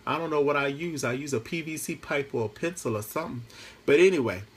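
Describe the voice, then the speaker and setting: This Facebook Live host's voice sits a little high with a breathy edge, and his pace is quick. He's streaming from home on his phone, giving a chatty, meandering monologue that blends jokes with sincere appeals.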